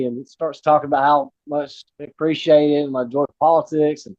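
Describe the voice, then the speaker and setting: A man's voice: fairly high pitch, fairly even intonation, quick pace, few pauses, darkish tone, dry recording, highs cut off. A man in his forties hosting a casual interview, telling a rambling personal story. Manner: rambling, many fillers and restarts. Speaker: host.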